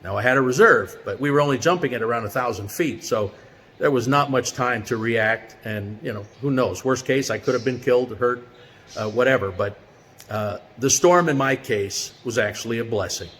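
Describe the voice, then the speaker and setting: A middle-aged man telling a personal story in a relaxed, chatty way as a vlogger with a weekly quote, with plenty of fillers as he talks. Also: medium pitch, moderate pace. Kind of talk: casual motivational storytelling. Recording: long reverb with faint background noise.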